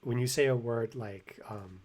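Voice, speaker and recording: A man's voice: mid-range voice, unhurried, darkish tone, a little hiss or hum. Rambling man hosting a language video. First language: English. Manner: rambling, lots of fillers and restarts. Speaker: language-learning video host. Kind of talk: casual commentary.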